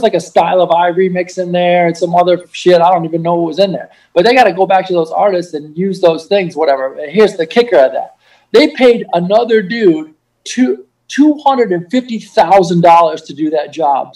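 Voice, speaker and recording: A man's voice: high voice, brisk, darkish tone, far from the mic, poor audio. A man telling his story as a guest DJ and producer in a casual interview, rambling and swearing freely. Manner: profane, rambling, repeats himself.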